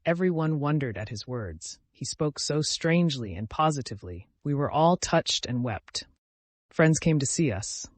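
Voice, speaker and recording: A man reading a classic novel aloud as audiobook narrator, measured and gentle. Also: fairly high pitch, lively intonation, no echo.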